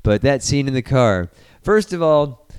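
A man in casual podcast chat, excitedly recapping a movie scene, swearing freely and acting out the characters' lines. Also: medium pitch, a little slow, clean tone. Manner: animated, swearing, acting out scenes in quoted voices.

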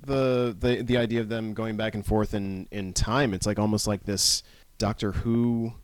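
A man's voice: on the low side, fairly even intonation, moderate pace, no echo. A man co-hosting a podcast in casual chat, hesitant and trailing off as he thinks. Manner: hesitant, trails off, lots of fillers. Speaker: podcast co-host.

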